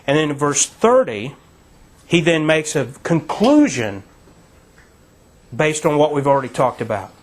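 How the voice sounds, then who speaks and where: A man's voice: on the high side, very animated, a little slow, pauses often. A man with a slightly raised voice leads a Bible study. He talks conversationally with fillers and then presses his points with emphasis. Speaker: Bible teacher. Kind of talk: sermon-style Bible study.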